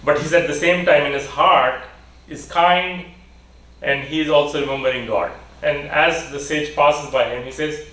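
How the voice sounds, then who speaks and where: Man telling a story to close out a conference, plain talker, somewhat high voice, big echo from far back. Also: fairly even intonation, moderate pace, bright, forceful tone. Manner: plain-spoken, restarts and fillers. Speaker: conference board member giving vote of thanks. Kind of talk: storytelling speech. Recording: echoey hall from far off.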